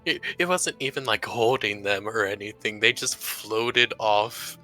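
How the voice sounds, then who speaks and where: A man playing in a live-streamed tabletop role-play, jokey and quick to laugh. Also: fairly low pitch, pushed and bright, faint music behind. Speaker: player.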